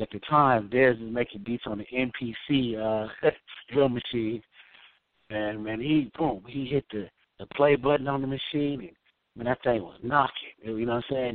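A middle-aged musician from Oakland, California, guests on a casual storytelling interview, his medium-pitched voice coming through a tinny, phone-like line with no echo. He tells his stories in a laid-back way, sprinkling in plenty of "man" and "you know."

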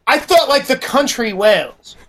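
A man's voice: very high-pitched, normal speed. A man who is a guest on a podcast, telling rambling, profane stories in casual chat. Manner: profane, rambling, animated storyteller.

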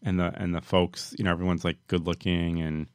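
Male podcast co-host, very deep, dry sound, easygoing reactor. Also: level tone, fairly quick, smooth, no echo. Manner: reactive, short replies like "wow". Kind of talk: casual chat.

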